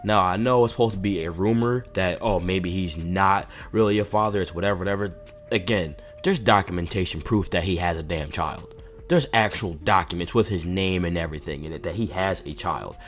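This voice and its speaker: A man's voice: sits low, fairly quick. A man hosting a commentary video, a father speaking in a heated, indignant rant. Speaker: commentary channel host. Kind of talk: reaction commentary. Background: faint background music.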